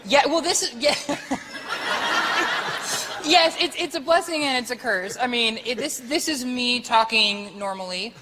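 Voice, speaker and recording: A young man with a very high, light voice, chatting as a talk show guest, laughing often and stammering through restarts. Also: measured pace, bright, forceful tone, big-room sound.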